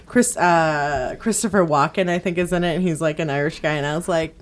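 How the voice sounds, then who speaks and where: A young adult woman co-hosting a podcast, chatting and laughing, often acting out her own reactions and trailing off quietly. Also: low-pitched, brisk. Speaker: podcast co-host. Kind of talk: casual chat.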